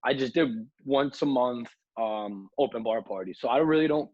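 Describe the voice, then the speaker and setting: A husky-voiced man who promotes nightlife spins an animated anecdote, acting out every quote. He talks loosely with plenty of fillers. The sound is dry and a little dull. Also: medium pitch, moderate pace, no echo. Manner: animated storyteller, acts out quotes, many fillers like "like". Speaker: nightlife promoter and podcast guest. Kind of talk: casual podcast storytelling.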